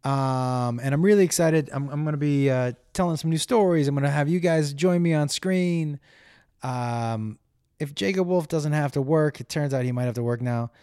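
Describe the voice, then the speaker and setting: A man hosting his own show, telling a rambling, animated story with plenty of swearing and acted-out voices. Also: fairly high pitch, normal speed, clean tone, dry recording, studio quality. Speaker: comedian podcast host. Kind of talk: casual rambling monologue.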